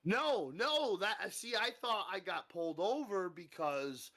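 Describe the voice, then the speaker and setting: Bright-voiced man telling stories casually. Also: high-pitched, unhurried. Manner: animated storyteller acting out quoted voices, laughs often. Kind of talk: casual storytelling chat.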